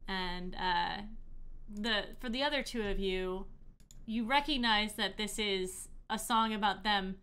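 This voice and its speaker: A woman's voice: medium pitch, a little slow, fairly bright tone, clean tone. A woman narrating a tabletop game as game master, casually, with many fillers.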